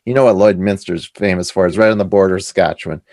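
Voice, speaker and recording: Deep gravelly man telling stories. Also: very fast, no echo. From Canada. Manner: animated anecdotes with quoted voices. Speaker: author and guest. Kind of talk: casual storytelling interview.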